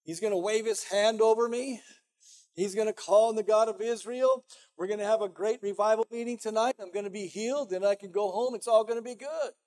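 A man's voice: high-pitched, a little fast, a little mellow, close to an everyday voice. A man voicing a proud army commander who is sure he deserves honor, in a boastful, casual way.

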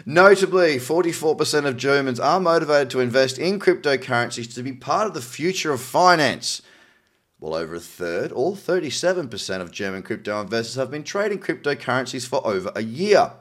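A man's voice: mid-range voice, expressive, fairly quick, a bit bright. An Australian man hosting a crypto news show, reading articles aloud with cynical, chatty asides. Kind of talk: casual news commentary.

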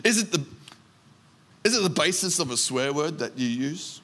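Pastor guy preaching, high-ish voice, reads bible bits, acts out the disciples, slows down for the big lines. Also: animated, fairly bright tone. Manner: emphatic, slows down on key phrases. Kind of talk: sermon.

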